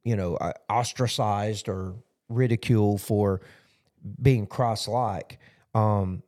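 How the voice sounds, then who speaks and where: This pastor's voice is lowish and a little mellow. He's loosely recapping his sermon on a podcast, rambling and saying "you know" often.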